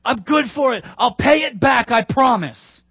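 A man voicing a desperate servant who begs a king for mercy, pleading and shouting. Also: very high-pitched, expressive, normal speed, creaky, slightly rough, no echo, muffled recording, full character voice. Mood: begging.

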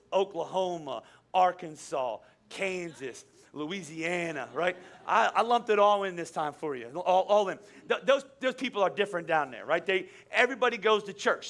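A man's voice: fairly high pitch, vocal fry, a bit bright. A man in his forties from Pennsylvania, a pastor preaching a sermon in a nasal voice, telling stories and stumbling over repeated words. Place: church service.

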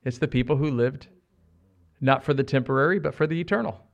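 A middle-aged American man preaches a sermon. He sits in a mid range for a man's voice, and he is animated, joking with the congregation and repeating short phrases to drive each point home. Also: mid-range voice, brisk, gravelly, lo-fi sound. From United States. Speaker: pastor.

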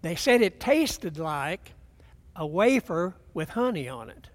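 Older man, preacher, folksy rambling sermon, slightly high voice. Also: sing-song, slow pace. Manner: folksy, rambling, many restarts.

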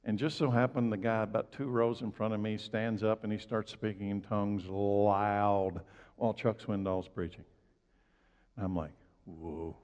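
Pastor guy preaching and telling stories, voice swings loud and soft, echoey church, kinda muffled. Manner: conversational, storytelling preacher with big swings in pitch and loudness. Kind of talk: sermon. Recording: dull recording with long hall reverb.

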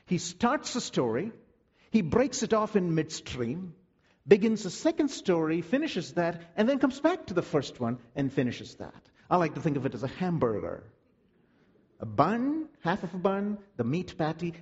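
A male preacher with a husky, slightly high voice that swings widely as he tells the story dramatically. He stretches key words for effect. The recording is dull and lo-fi. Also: darkish tone, in a large hall. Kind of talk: sermon.

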